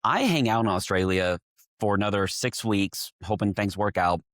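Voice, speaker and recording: A man from Texas, a winemaker guest on a podcast, telling a story in steady detail. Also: fairly low pitch, normal speed, dry recording, studio quality. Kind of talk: casual chat.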